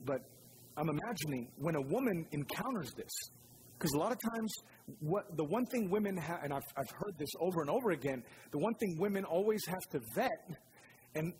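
A pastor preaching a sermon with animated delivery, asking the congregation rhetorical questions. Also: male voice, fairly high pitch. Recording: noisy recording.

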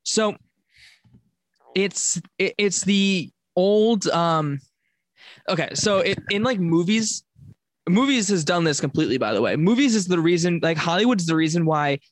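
A man's voice: sits high, lively intonation, unhurried, no room sound. A young man from Long Island with a mild Long Island accent, chatting casually as a podcast co-host and rambling with lots of fillers. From Long Island, New York. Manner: rambling, filler-heavy, self-correcting. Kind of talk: casual chat.

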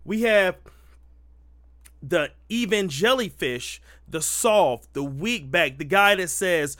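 A man's voice: sits high, animated, slow pace, sharp tone, no room sound, studio quality. A man giving emphatic, preachy Christian commentary, full of rhetorical questions and restarts.

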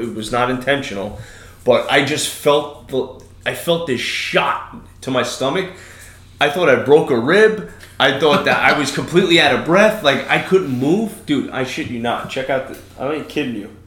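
In a reverberant room, a New York man in his thirties hosts a podcast, his mid-range voice fairly bright. He tells stories loosely and casually, swearing freely as he chats.

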